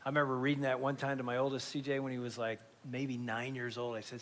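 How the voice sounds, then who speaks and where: A man in his fifties, a pastor and grandfather, telling family stories in an animated, conversational sermon. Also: mid-range voice, fast talker, a little hiss or hum. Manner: animated storyteller with sudden loud jumps.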